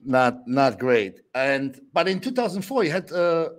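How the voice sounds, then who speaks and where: Man, podcast host, fairly high voice, very lively intonation, eager, repeats words, casual interview. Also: unhurried. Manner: eager, repeats himself, asks leading questions.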